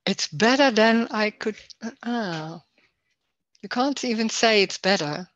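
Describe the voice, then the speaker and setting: A woman hosting a spiritual talk on a video call, searching haltingly for words with many restarts. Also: mid-range voice, lively intonation, a bit bright, lo-fi sound. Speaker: non-duality talk host. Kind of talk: casual spiritual conversation over video call.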